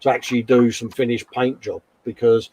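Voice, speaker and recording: A man's voice: medium pitch, little pitch movement, a little fast, a little mellow, husky, low-quality recording. A man hosting a live hobby stream in casual chat, laughing often and calling everyone mate.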